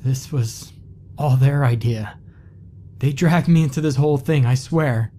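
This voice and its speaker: A man voicing a cowardly teenage boy who pleads in a quivering, frantic voice, pushed high and loud. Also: normal speed, slight background noise, close to an everyday voice. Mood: pleading.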